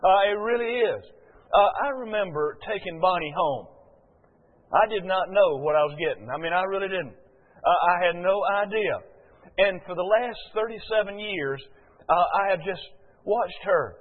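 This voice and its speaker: Older male preacher, high voice, folksy sermon, long hall reverb. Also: normal speed. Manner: folksy, with frequent "uh" and rhetorical questions. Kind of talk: conversational sermon. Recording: tinny phone-like audio in a long-echo hall.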